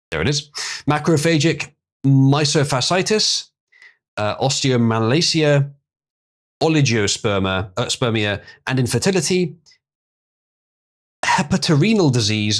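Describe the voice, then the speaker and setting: A man casually chatting on a live stream, reading hard terms aloud and stumbling over some words. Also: mid-range voice.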